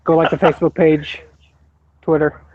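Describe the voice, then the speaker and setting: A man's voice: a little high, level tone, normal speed, slight background noise. A man co-hosting a livestream, telling a rambling story in a laid-back way. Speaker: co-host. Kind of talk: casual chat. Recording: dull lo-fi call audio.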